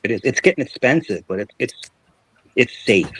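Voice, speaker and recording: A man's voice: mid-range voice, expressive, brisk, a bit bright, husky. Chatty New man telling stories. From New York. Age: 40s. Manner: rambling storyteller, chatty with lots of fillers and restarts. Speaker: show host. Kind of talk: casual panel chat.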